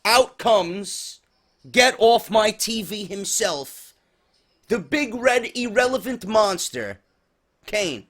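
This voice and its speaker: A man's voice: high voice, expressive, slow pace, a bit bright. A man ranting through a profane, sarcastic review of a wrestling show, exasperated and mocking. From New York.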